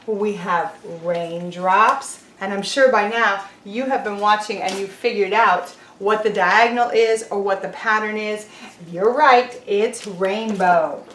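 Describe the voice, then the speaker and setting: A woman teaching a video lesson to young children, speaking cheerfully, slowly and clearly. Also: a little high, fairly bright tone, reverberant. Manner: cheerful, slow and clear, sings simple songs. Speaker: preschool teacher.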